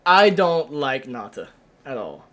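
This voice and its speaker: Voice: medium pitch, big pitch swings, unhurried, a bit bright. A game reviewer in a casual, venting rant, talking loosely with many fillers and restarts.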